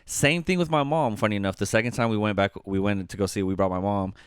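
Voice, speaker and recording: A man co-hosting a casual podcast chat, excitable and profane, his voice jumping up when he gets worked up. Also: fast talker, smooth, no echo, clean studio sound. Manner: excitable, swears a lot, jumps high when animated. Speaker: podcast co-host.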